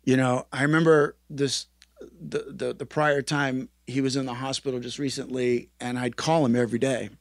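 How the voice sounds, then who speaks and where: Gravelly man giving an earnest tribute. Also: medium pitch, flat delivery, no room sound, clean studio sound. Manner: earnest, halting storytelling that acts out remembered dialogue. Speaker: eulogist at a memorial. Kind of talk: personal memorial tribute speech.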